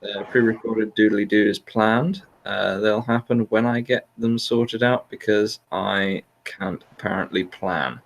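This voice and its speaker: A man's voice: fairly low pitch, steady tone, a little slow, creaky, few pauses. A man hosting a casual chat, rambling with hesitant fillers and laughing often. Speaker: podcast host.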